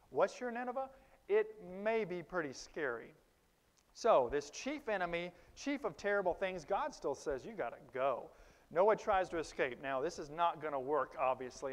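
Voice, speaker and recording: A man preaching a sermon in a conversational, animated way, with sudden loud emphases and quiet asides to the congregation. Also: on the high side. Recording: long reverb of a large hall.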